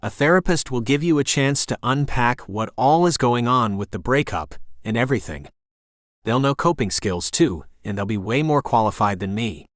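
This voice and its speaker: A man voicing a caring, patient man who speaks gently and reassuringly in an audiobook. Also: mid-range voice, expressive, normal speed, no echo, clean studio sound, close to an everyday voice. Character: caring, patient man comforting his partner.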